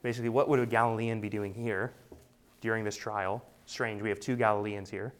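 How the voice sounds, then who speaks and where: A man's voice: lowish voice, steady tone, brisk. A man preaching an expository sermon, emphatic and full of rhetorical questions. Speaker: pastor.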